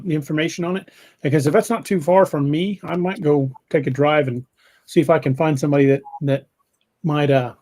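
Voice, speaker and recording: A man's voice: a little high, a little mellow. A man hosting a live podcast, chatting casually and rambling with frequent restarts while he reads viewer comments. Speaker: podcast host.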